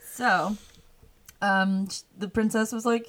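A woman's voice: fairly low pitch, animated, moderate pace, low-quality recording. A young woman co-hosting a podcast, casually retelling a fairy tale with profane jokes. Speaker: podcast co-host. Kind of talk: casual comedic storytelling.

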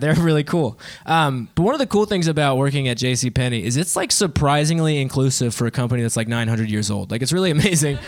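A man in his twenties doing a stand-up set in a living room, self-deprecating and laughing at his own jokes. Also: mid-range voice. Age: 20s. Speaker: stand-up comedian.

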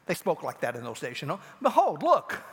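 A man preaching a sermon as pastor, telling a Bible story and acting out the speakers with big swings in pitch. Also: animated, fast talker, husky. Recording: long hall reverb.

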